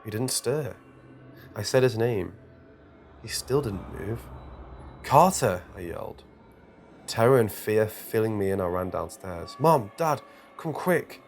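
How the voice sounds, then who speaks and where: A man's voice: on the low side, a little slow, gravelly, long pauses. A man narrating a true scary story with dramatic, tense delivery. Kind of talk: scripted horror narration. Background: quiet music.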